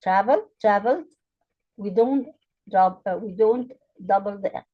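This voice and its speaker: A woman teaching English grammar to learners, with an Arabic accent. She speaks slowly and deliberately, spelling out letters and repeating example words clearly. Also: mid-range voice, highs cut off.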